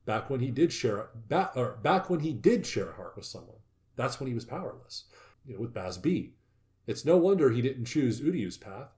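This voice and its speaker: A man hosting a casual discussion, reading notes aloud and growing loudly excited, with some swearing. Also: mid-range voice. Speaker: podcast host.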